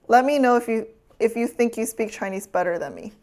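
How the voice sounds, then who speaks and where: A woman's voice: on the high side, fairly quick, darkish tone. A woman streamer chatting casually with her chat while cooking, teasing and laughing often.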